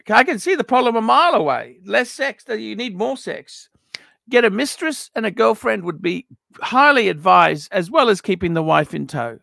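A middle-aged man reviews a watch collection in a blunt, swearing rant. His voice sits high and gravelly, with a sharp, forceful edge. The sound is dry and close. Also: very animated, normal speed, dry recording. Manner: blunt, profane, ranting advice. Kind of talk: unscripted paid review monologue.

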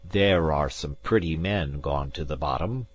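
A man voicing a proud, fiery Jacobite gentleman in an audiobook, speaking forthrightly with a raised voice. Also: rumbling low, measured pace, no room sound. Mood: grim.

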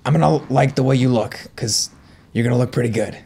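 A man doing an impression of a slow, deep-voiced commercial pitchman who keeps fumbling his line. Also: vocal fry, warm tone, slightly rough. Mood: booming. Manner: slow, booming, confused between takes.

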